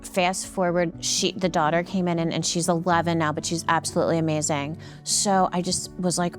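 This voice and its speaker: A woman telling a heartfelt story in an interview, earnest and halting, with frequent ums and restarts. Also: lowish voice, level tone, soft background music. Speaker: nonprofit founder and guest.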